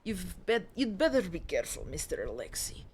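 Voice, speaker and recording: A woman voicing an eerie older male stranger in a frozen wilderness game, speaking low and hushed with an ominous manner. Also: sing-song, fairly quick, slight background noise.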